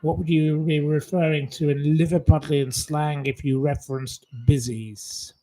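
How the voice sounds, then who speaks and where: A man's voice: on the high side, fairly even intonation, a little slow, dark tone, rough recording. A man from northwest England hosting a casual live quiz from home, rambling and chatty with many fillers. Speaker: livestream host running a quiz.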